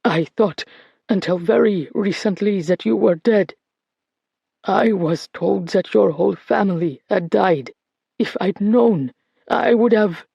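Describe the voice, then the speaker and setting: A woman voicing a frail, remorseful old man who speaks in a raspy, pleading way. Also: medium pitch, takes it slowly, dark tone, dry recording, lo-fi sound, heavily acted. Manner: pleading, tearful.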